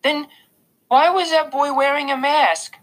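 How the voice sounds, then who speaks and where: A man voicing a small, excitable boy in a storybook reading, asking childlike questions in a squeaky voice. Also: a little slow. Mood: curious. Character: young boy, excitable little brother.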